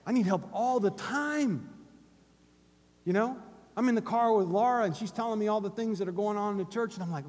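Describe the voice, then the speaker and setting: A middle-aged male pastor preaching a sermon in a church, moving between hushed conversational asides and loud urgent exhortation. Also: high-pitched, fairly quick, slight background noise. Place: church sanctuary. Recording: long hall reverb.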